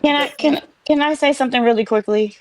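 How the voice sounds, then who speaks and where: A woman with a high-pitched voice, speaking as a juror and quickly pleading for calm, stumbling over her words. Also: no echo.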